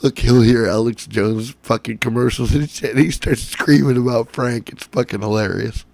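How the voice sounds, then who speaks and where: A man's voice: mid-range voice, steady tone, moderate pace, creaky, darkish tone, no room sound. A man in casual chat who jokes, swears freely and laughs often. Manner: laughing, profane, joking.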